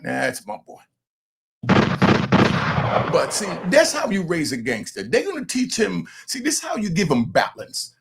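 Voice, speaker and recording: An older man and grandfather hosting a casual commentary show, animated and talking straight to his viewers. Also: high-pitched, normal speed, gravelly, pauses often, heavy background noise. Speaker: commentator host.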